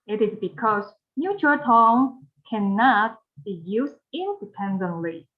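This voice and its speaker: A woman with a Mandarin Chinese accent teaching pronunciation, speaking slowly, repeating phrases and modeling tones for learners to repeat. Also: on the high side, narrow, tinny audio. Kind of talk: pronunciation lesson.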